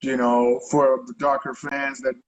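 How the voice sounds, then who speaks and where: A man speaking as a guest in a casual interview, rambling easily from point to point and dropping in casual asides as he goes. His pitch sits in an ordinary middle range, with a faint hiss of noise in the background. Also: flat delivery, unhurried, rough recording. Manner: loose and rambling, with frequent conversational tags. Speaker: guest artist.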